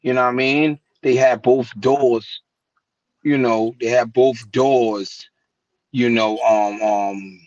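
A man's voice: slow pace, dry recording. New man telling stories over a call. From New York. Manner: animated, acts out quoted voices with big pitch jumps. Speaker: guest rapper. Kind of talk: casual storytelling interview. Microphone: remote call mic. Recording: dull lo-fi web call audio, dry.

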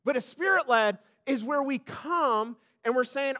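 A male pastor preaching a sermon, emphatic and direct with the congregation, swelling to loud peaks and dropping back soft, often repeating his words. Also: very high-pitched, expressive, measured pace.

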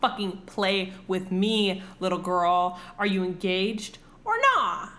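A woman's voice: mid-range voice, fairly even intonation, takes it slowly, bright, forceful tone. Woman playing snobbish older noblewoman, swearing, contemptuous, comic retelling. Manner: crude modern insults. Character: haughty rude older aristocratic woman.

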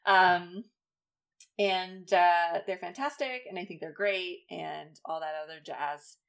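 A woman co-hosting a casual podcast, chatty and quick to laugh, often trailing off with ums. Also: fairly low pitch, vocal fry, clean tone. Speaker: podcast co-host. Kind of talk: casual chat.

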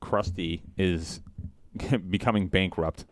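A man co-hosting a casual chat, retelling scenes in an animated way. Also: low-pitched, takes it slowly, no room sound. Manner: animated storyteller, acts out scenes.

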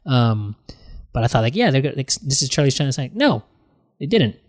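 Rambling, animated man talking movies. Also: medium pitch, a little fast. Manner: rambling, animated, acts out quotes. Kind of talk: casual movie chat.

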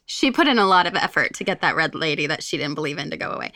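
A woman's voice: low voice, big pitch swings, rapid-fire, pushed and bright, no echo, clean studio sound. A woman co-hosting a podcast, reading a listener's spooky story aloud and giggling as she chats. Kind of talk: casual chat and story reading.

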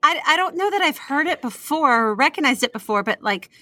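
A woman podcast host in her thirties with a high, bright voice, chatting with lots of enthusiasm and giggles. The recording is dry and close, with no room sound. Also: animated, a little fast, dry recording. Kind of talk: casual chat.

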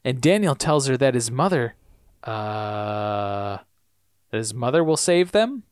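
A man's voice: medium pitch, very animated, slow, smooth, no room sound, studio quality. A man co-hosting a podcast, recapping a TV episode in a chatty way, laughing often and dropping into character voices. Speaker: podcast co-host. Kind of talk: casual TV recap chat.

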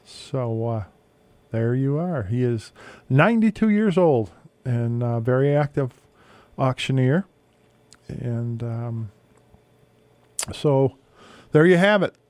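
A man hosting a radio show, casually introducing songs with frequent hesitant pauses. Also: medium pitch, lively intonation, a little mellow, dry recording. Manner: hesitant, many filler pauses. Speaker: radio host.

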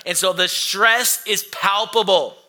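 Animated bright-voiced male pastor. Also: high voice, slow pace. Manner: animated storytelling, acting out quoted voices loudly. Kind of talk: sermon with personal story.

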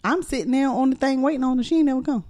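A middle-aged woman co-hosting a casual chat in a studio, telling stories in an animated way and laughing often. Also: high-pitched, racing. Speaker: podcast co-host.

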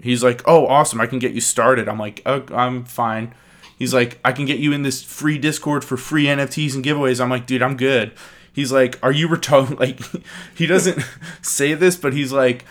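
Young man, podcast host, casual rant, profane, mocking, mid-pitched voice. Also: steady tone, normal speed, a bit bright.

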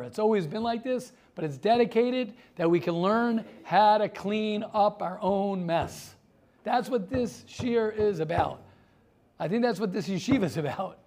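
Man, high-pitched, yeshiva teacher, animated classroom talk, rhetorical questions. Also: normal speed.

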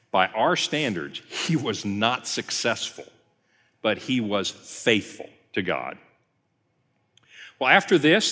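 Heard through long hall reverb, a pastor tells the story in a conversational teaching sermon, voicing the quoted lines himself, in the manner of a Bible study session. His mid-range voice comes across pushed and bright.

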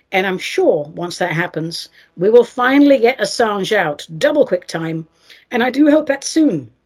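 Theatrical, husky woman host. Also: mid-range voice, darkish tone. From England. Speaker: radio show host. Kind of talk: playful chat reading listener letters.

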